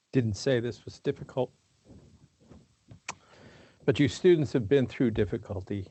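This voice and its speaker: An older man giving a formal commencement address in a measured, deliberate way with dry humor. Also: mid-range voice, mellow. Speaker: commencement speaker.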